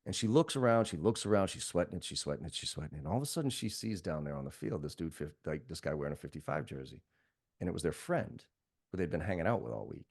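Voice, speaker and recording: Lowish-voiced guy, blunt and sweary, tells stories with a lot of push. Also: fast, gravelly, husky. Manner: blunt, profane, animated storyteller. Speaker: sales trainer, guest. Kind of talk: podcast conversation.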